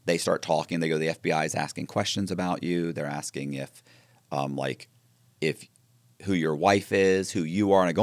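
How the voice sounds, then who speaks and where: A man telling his story in an interview, animated and acting out the dialogue with frequent restarts. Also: deep voice, moderate pace, dry recording, studio quality. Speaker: interview guest.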